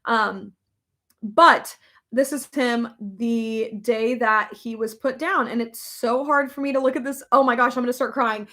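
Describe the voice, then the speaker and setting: A woman's voice: fairly high pitch, fairly even intonation, measured pace, bright, forceful tone. A young woman hosting a casual live chat, rambling with many fillers and laughing often. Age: young adult. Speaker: livestream host reading comments.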